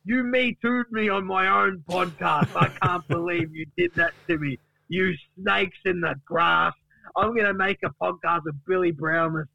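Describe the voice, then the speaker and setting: A man putting on a loud, brash, crude boaster. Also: high-pitched, animated, normal speed, vocal fry, no room sound, lo-fi sound, voice pushed up, full character voice. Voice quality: shouty and crude.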